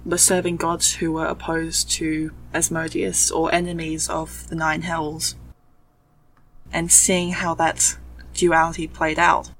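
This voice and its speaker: A woman's voice: deep voice, completely flat delivery, takes it slowly, a bit bright, a little hiss or hum, rough recording. A woman guest on a podcast, chatting enthusiastically. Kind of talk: casual chat.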